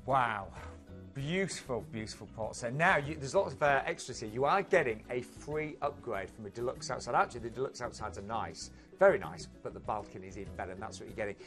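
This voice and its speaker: Man co-presenting cruise deals, lively, mid-pitched, soft music behind. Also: brisk. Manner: lively, laughs easily, reads out deals. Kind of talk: sales presentation.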